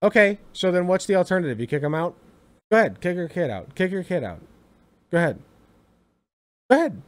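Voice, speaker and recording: A man's voice: sits high, big pitch swings, fast. A young man giving casual reaction commentary, exasperated, swearing freely and repeating himself for emphasis.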